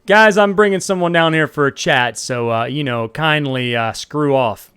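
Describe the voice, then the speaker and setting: Man putting on a smug gruff crime boss. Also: fairly high pitch, very animated, slow, sharp tone, no echo, pitched above the performer's own voice, exaggerated voice. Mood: brash.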